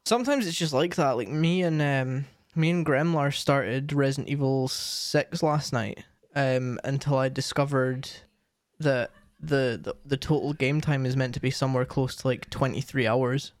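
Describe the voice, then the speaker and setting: A man's voice: mid-range voice, moderate pace, no echo, clean studio sound. A young man chatting casually as a streamer, rambling with lots of fillers and restarts. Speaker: streamer and co-host. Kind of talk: casual chat.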